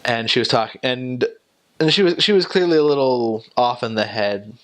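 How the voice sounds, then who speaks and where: A man's voice: medium pitch, moderate pace. A young man talking casually about his time as a missionary, rambling and hesitant, with many fillers and restarts. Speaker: returned missionary.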